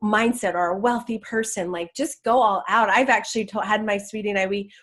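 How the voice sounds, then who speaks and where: A woman's voice: medium pitch, fairly even intonation, a little fast, fairly bright tone, soft background music. A woman teaching law of attraction in a casual, enthusiastic talk, chatty with many restarts.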